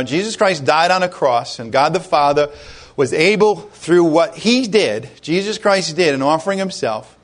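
A man preaching a sermon as pastor, in a conversational, animated way with joking asides. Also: a little high.

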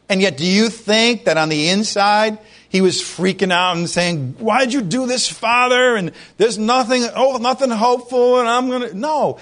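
A man preaching a sermon to his congregation, conversational and animated, often asking rhetorical questions. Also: high-pitched. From Irish heritage. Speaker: pastor.

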